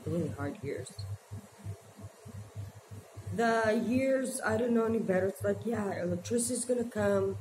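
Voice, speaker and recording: A woman in her forties telling her life story to camera, halting and emotional as she holds back tears. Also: mid-range voice, a little mellow. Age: 40s. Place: her small shop by the ocean, indoors. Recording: echoey room with background noise.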